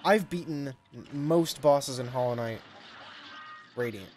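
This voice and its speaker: A man talks through his game stream in a loose, rambling way, laughing at himself and drifting between thoughts. His pitch sits in an ordinary middle range. A faint bed of music runs underneath his voice. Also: unhurried, darkish tone. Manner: rambling, self-deprecating, laughs often. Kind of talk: casual live-stream commentary.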